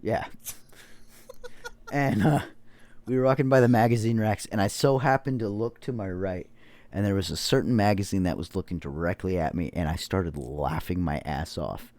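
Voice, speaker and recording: Low, mellow-voiced man joking crudely. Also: moderate pace, no echo. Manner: crude, joking, laughs often. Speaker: podcast host. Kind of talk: casual podcast banter.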